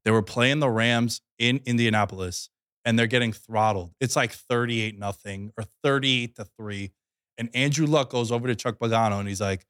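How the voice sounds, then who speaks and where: A man's voice: mid-range voice, moderate pace, a bit bright, clean tone, no room sound, studio quality. Slangy man co-hosting a sports chat. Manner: loose and slangy, says yo, dude, bro. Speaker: co-host.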